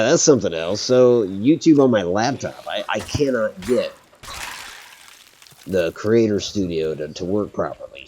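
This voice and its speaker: A man's voice: low-pitched, darkish tone, husky. A man streaming a pirate game, chatting casually with a friend, joking, swearing freely and laughing often. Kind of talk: casual chat while gaming.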